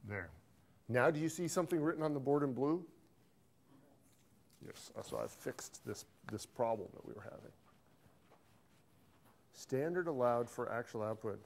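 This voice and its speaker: A man teaching an accounting class, lively, quizzing students and repeating key phrases, recorded in a classroom. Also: medium pitch, moderate pace, creaky, pauses often. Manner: animated, asks the class questions and drills a phrase. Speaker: accounting instructor. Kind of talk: classroom lecture. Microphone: filmed by a videographer in class.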